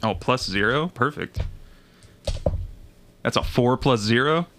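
Slow, bright-voiced joking man. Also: mid-range voice, lively intonation. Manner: jokey and playful. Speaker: player. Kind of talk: playing a tabletop game.

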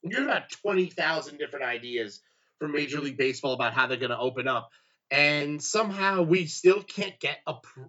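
A man with a bright, forceful, fairly high voice rants sarcastically in a casual sports podcast. His sound is dull and lo-fi, as if coming through a weak connection. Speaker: podcast co-host.

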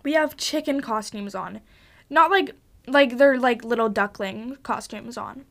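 A woman's voice: on the high side, measured pace, gravelly. A young woman hosting a casual solo podcast from her basement at home, chatting in a bubbly, gushing, rambling way with lots of fillers. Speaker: podcast host.

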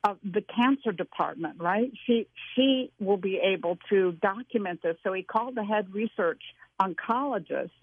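An older woman tells a personal story as a guest, earnest and animated, circling back with restarts. Her voice sits at a middling pitch. It comes through a dry, narrow phone line. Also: moderate pace, breathy edge, no room sound. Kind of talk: casual storytelling interview.

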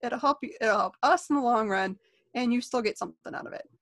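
A woman's voice: on the high side, fast, a bit bright. Blunt woman chatting about work. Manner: blunt, exasperated about customers. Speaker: movie theater worker. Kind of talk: casual podcast chat.

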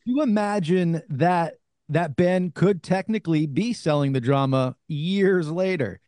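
A man's voice: a little high, a little slow, a little mellow, no echo, clean studio sound. A man with a New Jersey accent hosting a casual interview, enthusiastic and cursing freely. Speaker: podcast host.

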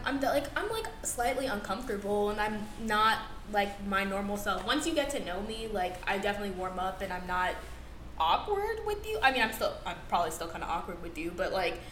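A woman's voice: mid-range voice, lively intonation, fairly quick, a bit bright, echoey room, a little hiss or hum. A young woman co-hosting a podcast, telling a story in a rambling way full of fillers. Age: young adult. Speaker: podcast co-host. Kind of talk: casual chat.

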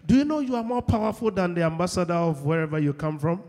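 A man preaching a sermon, asking the congregation questions and shouting at key points, acting out the people in his stories. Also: sits high, fast, few pauses. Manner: call-and-response questions, shouts at peaks; acts out quoted people in dialogue. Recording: long hall reverb.

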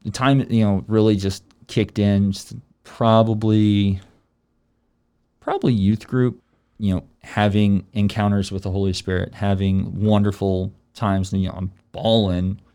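A man in his thirties hosting a casual conversation, relaxed and rambling with many ums. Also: fairly low pitch, unhurried, smooth. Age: 30s. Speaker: podcast host. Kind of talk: casual faith chat.

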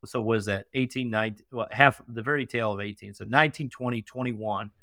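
A young man from upstate New York, telling his story as a podcast guest in an emphatic, animated way full of fillers and tag questions. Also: lowish voice, fairly quick, no room sound, clean studio sound. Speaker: podcast guest, venture investor. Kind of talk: casual interview storytelling.

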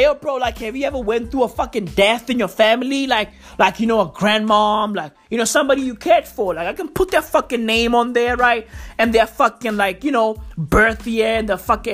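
A woman mimicking a pushy male street tattoo hustler who makes a rapid, eager sales pitch, cursing as he offers designs. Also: natural voice.

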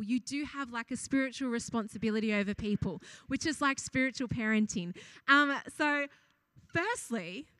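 A woman's voice: high-pitched, pushed and bright, no echo. A young woman giving a casual sermon at church, chatty and giggly, often breaking off to laugh and reading funny stories to the congregation. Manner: reads funny anecdotes aloud to the congregation. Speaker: church speaker.

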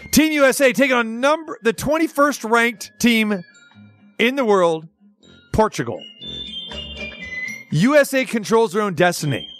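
High-voiced chatty male sports host. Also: animated, a little slow, long pauses, a bit bright, faint music behind. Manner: chatty, rambling, restates points. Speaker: sports talk show host. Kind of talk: casual sports talk commentary.

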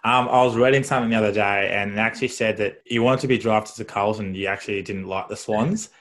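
A male interviewer speaks quickly in a fairly low voice. He puts friendly, casual questions to his guest and often hedges with "sort of". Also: steady tone, a bit bright. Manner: friendly, uses filler qualifiers like "sort of".

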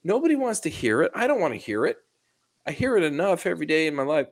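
Animated ranting man, lively pitch. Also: fast talker, creaky. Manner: animated ranting, swearing, passive-aggressive. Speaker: podcast co-host. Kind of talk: casual chat.

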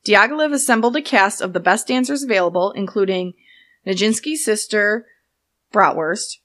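A woman's voice: medium pitch, normal speed, a bit bright. A young woman co-hosting a casual chat podcast, joking and swearing, reading excerpts aloud. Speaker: podcast co-host.

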